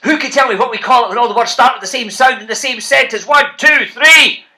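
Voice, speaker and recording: A man's voice: very high-pitched, fairly quick, bright, forceful tone. A man with a Scottish accent, an author hosting a children's reading show, playful and bouncy as he calls out to the kids. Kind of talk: lively talk to school classes.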